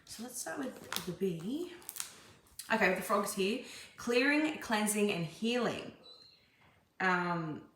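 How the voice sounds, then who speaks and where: A woman's voice: medium pitch, very animated, takes it slowly, long pauses, a bit bright. Chatty woman in echoey room. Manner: chatty, rambling, many fillers and restarts. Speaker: tarot reader. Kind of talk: casual spoken tarot reading. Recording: echoey room, faint background noise.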